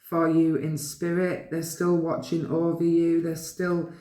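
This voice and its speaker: A woman giving a pick-a-card reading, gently and affectionately reading the card messages aloud to her viewers. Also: deep voice, completely flat delivery, unhurried, roomy sound. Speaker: tarot card reader.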